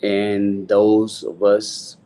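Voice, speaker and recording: A man's voice: on the low side, completely flat delivery, extremely slow, mellow. A middle-aged man, a singer talking loosely in an interview and filling his talk with "you know what I'm saying". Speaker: guest singer.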